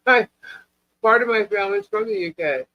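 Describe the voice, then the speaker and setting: Giggly high-voiced woman hosting a live chat. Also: big pitch swings, normal speed, gravelly, dry recording, highs cut off. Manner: giggly, laughs often. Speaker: live-stream co-host.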